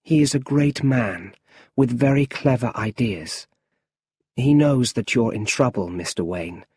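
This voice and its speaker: A man doing a stern, measured mentor. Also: mid-range voice, lively intonation, a little mellow, a little hiss or hum, lightly acted. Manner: measured, commanding. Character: stern mysterious male mentor.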